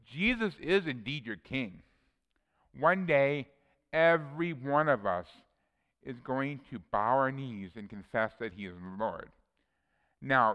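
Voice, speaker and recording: Male preacher, earnest scripture reader, smooth resonant voice, reverberant hall sound. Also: medium pitch, muffled recording. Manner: earnest, reads verses aloud, personal asides. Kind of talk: sermon with scripture readings.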